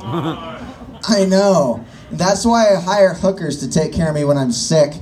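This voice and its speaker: High-voiced brash stand-up comic man. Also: animated, takes it slowly. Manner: brash, crude and self-mocking, addressing the crowd directly. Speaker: stand-up comedian. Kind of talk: stand-up comedy set. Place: bar comedy stage. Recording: distant mic with faint room noise.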